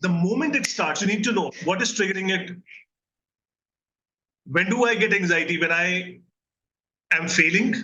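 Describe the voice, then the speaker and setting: Indian guy therapist teaching, kinda high bright voice, keeps asking "okay?". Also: normal speed, long pauses, dull audio. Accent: Indian English. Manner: earnest teaching, asks listeners questions and checks in. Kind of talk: recorded mental health lesson.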